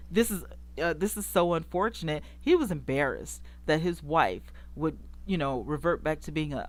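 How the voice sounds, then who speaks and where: A woman hosting a casual celebrity gossip show, greeting live chat viewers and scolding the people she talks about in a sassy, animated way, laughing often. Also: lowish voice, no room sound. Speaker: show host.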